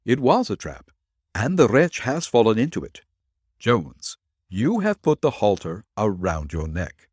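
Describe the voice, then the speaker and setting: Assured detective, low and measured, read by a male narrator. Husky, lively delivery. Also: no echo, studio quality, exaggerated voice. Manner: measured, explaining.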